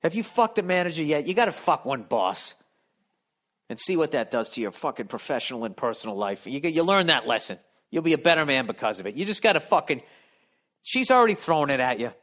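A profane man in his fifties with a Boston accent, hosting a comedic solo podcast. His pitch swings widely as he reads listener mail and riffs loudly on it, and his voice sits a little higher than usual for a man. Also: very animated, fast talker. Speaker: podcast host.

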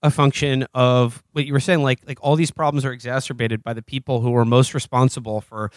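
A man hosting an interview, asking long halting questions full of "like" and restarts. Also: mid-range voice, little pitch movement, no room sound. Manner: halting, many "like" fillers and restarts. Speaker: interviewer host. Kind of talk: conversational interview.

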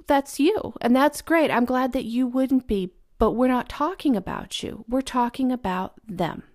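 A woman's voice: fairly high pitch, unhurried, hardly any pauses. A woman talking casually and earnestly as a parent, giving reflective advice about apologizing.

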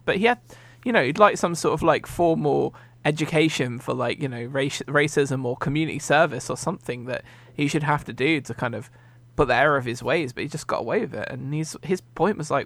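Gravelly, exasperated Englishman chatting. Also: a little high, fairly bright tone, no echo. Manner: exasperated, fast restarts with repeated words. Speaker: podcast co-host. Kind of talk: casual chat.

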